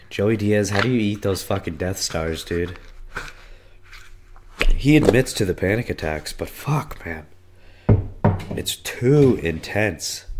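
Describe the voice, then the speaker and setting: Podcast host in his twenties, hoarse and low-pitched, profane rambling storyteller, voice cracking if he goes high. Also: background noise. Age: 20s. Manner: voice cracks and breaks on high notes. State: hoarse, losing his voice from illness. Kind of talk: casual solo podcast monologue.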